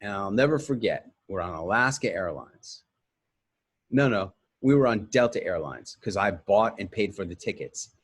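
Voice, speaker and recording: A man's voice: fairly low pitch, lively intonation, normal speed, breathy edge. A middle-aged man hosting a webinar, telling a candid, rambling personal story and correcting himself as he goes. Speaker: webinar host.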